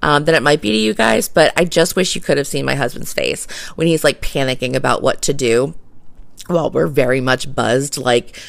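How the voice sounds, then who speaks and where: Female podcast host, gravelly edge, close and dry, rambling chatty storyteller with lots of fillers. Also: very deep voice, moderate pace, dry recording. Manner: chatty, filler-heavy, laughs while telling a story. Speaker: realtor. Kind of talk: casual storytelling monologue.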